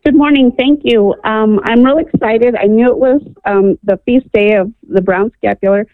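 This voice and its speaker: Over a narrow, tinny phone line, a caller from New Mexico, USA, tells a radio show a personal tale, earnest and animated as she impersonates its people. Her voice is fairly high and moves at normal speed. It sounds dry, with no room sound.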